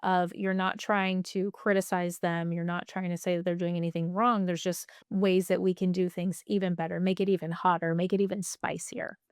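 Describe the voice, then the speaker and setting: A woman speaking as a podcast guest explains her ideas patiently, often tagging her points with "right?" Her voice is smooth and clear at a middle pitch. The recording is dry and close. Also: little pitch movement, moderate pace, few pauses, no echo. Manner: warm explanatory, tags with "right?", laughs lightly. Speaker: sexologist guest. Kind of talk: explaining in an interview.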